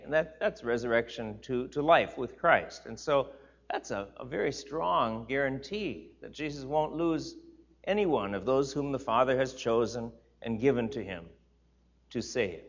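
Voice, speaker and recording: A man's voice: medium pitch, animated, unhurried. Older male Bible teacher, emphatic, repeats for stress, dull lo-fi recording. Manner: emphatic, repeats words for stress, reads scripture aloud.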